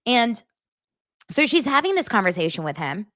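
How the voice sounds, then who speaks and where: A woman's voice: fairly high pitch, sing-song, normal speed, a bit bright. A middle-aged woman hosting a gossip show, chatting casually and acting out quotes in exaggerated voices. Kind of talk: casual chat.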